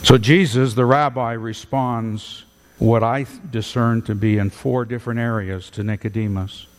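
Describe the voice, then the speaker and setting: A male pastor preaching a sermon with emphatic, animated delivery in a church. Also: medium pitch, a little slow. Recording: long hall reverb.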